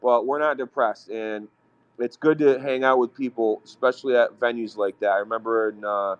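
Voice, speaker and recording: Smooth-voiced man rambling in casual talk. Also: medium pitch, steady tone, dry recording. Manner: rambling, halting, with many fillers. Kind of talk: casual chat. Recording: dry, dull close sound.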